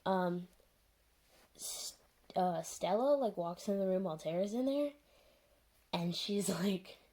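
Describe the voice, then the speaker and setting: A woman's voice: medium pitch, lively intonation, slow, dark tone. A woman casually recapping a TV episode, sarcastic and exasperated, full of "like" and "um". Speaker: TV episode reviewer.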